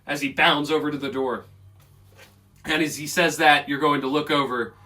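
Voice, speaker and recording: Guy game-mastering a fight scene, bright voice, kinda far off the mic, quiet music under. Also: fairly high pitch, fairly even intonation, moderate pace. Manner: casual, loose narration with fillers. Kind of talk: narrating a tabletop game. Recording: distant mic with faint music.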